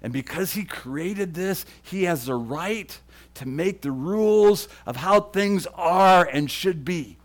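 A man preaching a sermon to the camera, with emphatic, repeated phrases that swing between loud declarations and hushed, low lines. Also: expressive, takes it slowly. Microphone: camera mic.

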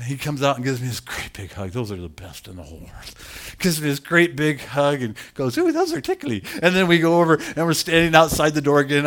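An older man preaching a sermon, telling a personal story in an animated, emotional, self-deprecating way. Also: on the high side.

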